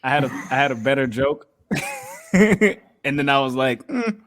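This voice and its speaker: A man hosting a podcast in casual chat, animated and slangy, laughing often and tossing in "you feel me". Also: mid-range voice, a little slow. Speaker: podcast host.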